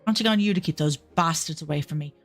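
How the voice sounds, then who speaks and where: A woman's voice: low-pitched, fast talker, faint music behind. A woman voicing a male healer companion in a game, slipping into a put-on Irish accent. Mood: cheeky.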